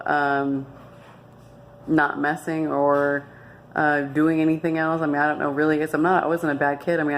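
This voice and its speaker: A young woman with a low voice tells her own story in a candid, unscripted way. She speaks earnestly and emphatically, often stopping to restart her sentences. A faint hiss sits under her voice. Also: vocal fry. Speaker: vlogger sharing her life story. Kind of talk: candid personal testimony.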